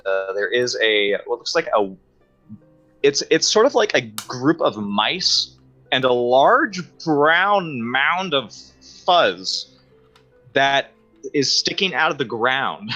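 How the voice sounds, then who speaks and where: A man narrating a tabletop game as game master, halting with many fillers. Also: mid-range voice, pushed and bright. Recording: slightly dull audio with faint music.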